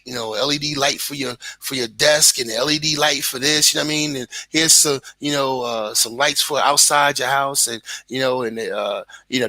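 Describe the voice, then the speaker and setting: A man's voice: medium pitch, creaky, pushed and bright, no echo, rough recording. A man with a Brooklyn accent talking emphatically and with plenty of profanity in a casual live-stream chat. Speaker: guest content creator.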